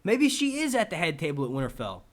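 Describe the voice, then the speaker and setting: A man's voice: on the high side, huge pitch swings, fast. A man answering viewer questions on a live stream in a casual, rambling and profane way.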